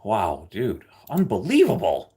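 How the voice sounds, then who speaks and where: A man's voice: fairly low pitch, a little slow, slightly rough. A man hosting a live stream in casual chat, joking and teasing his viewers. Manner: joking, teasing, animated, often slips into loud playful bursts. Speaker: livestream host.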